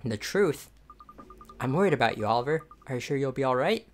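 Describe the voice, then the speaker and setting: Protective female friend from a game, gentle and concerned, read by a man. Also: mid-range voice, expressive, fairly quick, a little hiss or hum, natural voice.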